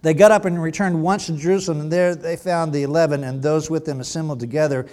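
A male pastor preaching a sermon, reading scripture aloud and acting out its people in animated bursts. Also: fairly high pitch, fast talker, long reverb tail.

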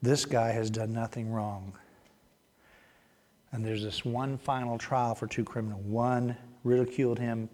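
A man preaching a sermon, animated, rising loud on emphasis and dropping to hushed asides. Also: medium pitch. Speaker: pastor.

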